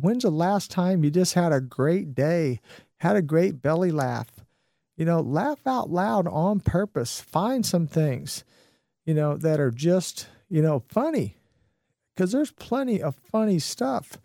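Middle-aged man, encouraging motivational host, slightly high voice, dry close sound, lots of fillers. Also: creaky, warm tone, no echo. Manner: upbeat, encouraging, rambling with many fillers. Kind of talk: motivational talk.

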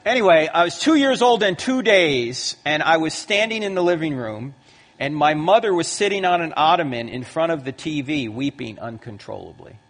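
A man in his fifties giving a lively talk to a live audience in a large hall, acting out the voices in his stories. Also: on the high side, normal speed. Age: 50s. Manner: lively storyteller who acts out quoted voices. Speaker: Christian apologetics speaker. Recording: long hall reverb.

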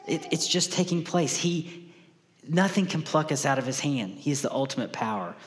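A man's voice: a little high, lively intonation, moderate pace, in a large hall, a little hiss or hum. A man preaching a conversational sermon to a congregation, often repeating key lines for emphasis. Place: church sanctuary.

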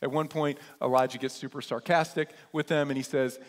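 A pastor preaching a sermon, retelling scripture as a lively story in casual modern terms. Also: male voice, medium pitch, a little fast, big-room sound.

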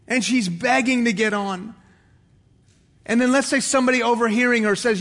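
A man with a notably high voice preaches to his congregation, slipping into little acted voices as he tells an everyday story. His words ring out with a long reverb, as in a large church hall. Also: fairly even intonation, normal speed, fairly bright tone. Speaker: pastor. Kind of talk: sermon.

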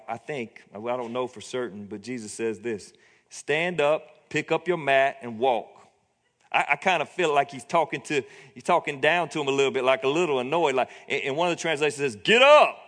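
A man preaching a sermon in a conversational, joking storytelling manner. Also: medium pitch. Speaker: pastor. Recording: long hall reverb.

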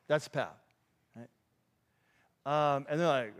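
A man's voice: on the high side, sing-song, takes it slowly, pauses often. A man preaching a sermon in a conversational way, with frequent restarts and asides to the congregation. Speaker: pastor.

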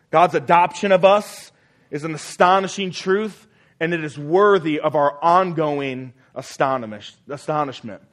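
A man preaching a sermon as pastor, earnest and fond of repeating phrases for emphasis, letting his voice fall soft at the ends of sentences. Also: a little high, normal speed.

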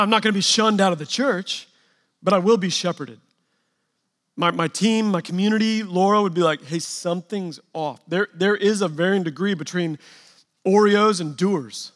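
A man with a high voice preaches from a church stage. He talks in a relaxed, conversational way and slips into quoted asides. The sound carries a long reverb from the hall. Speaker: pastor. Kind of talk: sermon.

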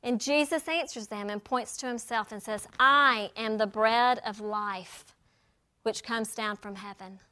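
A woman teaching a Bible lesson, acting out the quoted lines with lively storytelling. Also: on the high side, measured pace, clear, resonant tone. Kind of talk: sermon.

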